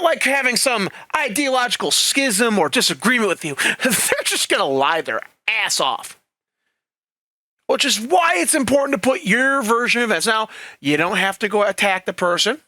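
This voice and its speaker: A man talks through a casual opinion commentary, loose and profane, slipping into quoted voices. His voice is bright and a little high. The sound is dry and close. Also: no room sound. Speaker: commentary channel host.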